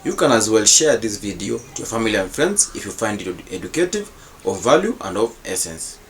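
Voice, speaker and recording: Low-voiced man hosting a channel. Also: big pitch swings, brisk, a little hiss or hum. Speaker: channel host. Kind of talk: casual reaction commentary.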